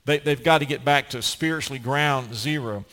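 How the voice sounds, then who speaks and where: A man's voice: medium pitch, normal speed, bright, forceful tone, in a large hall. A man preaching a sermon as pastor, earnest and emphatic, often restarting his phrases.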